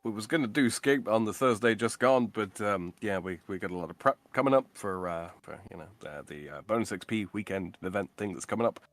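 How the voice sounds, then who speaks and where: A tired man co-hosting a live stream in casual chat, talking slowly and laughing often. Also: fairly low pitch, lively intonation.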